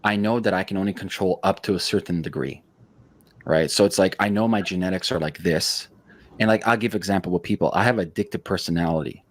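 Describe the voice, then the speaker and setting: A man hosting a podcast, telling blunt, profane stories in a fast, hyperactive way. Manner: blunt, profane, high-energy storytelling; self-described hyperactive. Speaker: podcast host. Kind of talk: casual interview chat.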